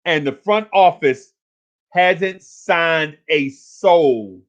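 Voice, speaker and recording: Exasperated male sports-stream host, fairly high voice, repetitive ranting that climbs to shouts, dull lo-fi audio. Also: drawn-out words. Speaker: sports talk livestream host. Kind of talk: ranting sports talk livestream.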